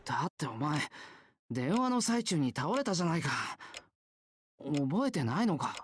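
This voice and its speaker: A man's voice: fairly high pitch, big pitch swings, fast talker, husky. An actor playing an earnest young man in a visual novel, calling out urgently to a friend. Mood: worried. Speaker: game character. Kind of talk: Japanese visual novel voice acting.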